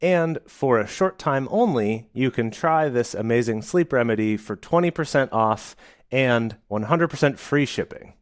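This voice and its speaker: A man reads sponsor offers and promo codes on a podcast at an everyday middle pitch. His delivery is brisk with a wry touch. The sound is close and dry. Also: lively intonation, no room sound. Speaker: podcast co-host.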